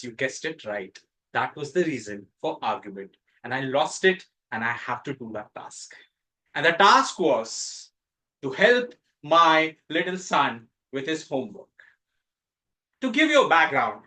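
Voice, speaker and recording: A middle-aged man from India with an Indian English accent, giving a prepared contest speech with dramatic pauses and emphatic rises. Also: a little high, bright, forceful tone, low-quality recording. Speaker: contest speaker. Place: club meeting room.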